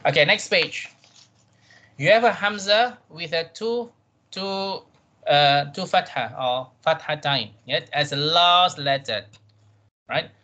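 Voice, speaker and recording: A man teaching a Quran reading class, patient, often repeating himself and checking in with "right?", drawing out Arabic words slowly to model them. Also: on the high side, pushed and bright, muffled recording. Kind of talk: tajweed revision class.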